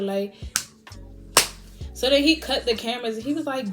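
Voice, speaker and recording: A young woman tells a personal story to her vlog audience in a lively, chatty way. She laughs often and acts out other people's lines as she goes. Faint music plays quietly underneath her voice. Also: a little high, moderate pace. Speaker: beauty vlogger.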